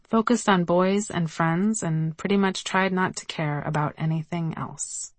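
A woman's voice: lowish voice, measured pace, no room sound. Wry woman narrating her memoir. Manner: wry, conversational storytelling. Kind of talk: audiobook memoir reading.

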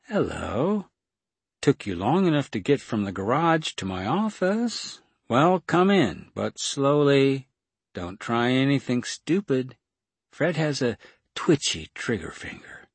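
Audiobook villain: cool female executive, mocking and commanding, voiced by a man, husky and dry. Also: mid-range voice, big pitch swings, takes it slowly, no room sound, pitched above the performer's own voice, full character voice. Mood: smug. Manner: smug, commanding. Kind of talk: audiobook narration.

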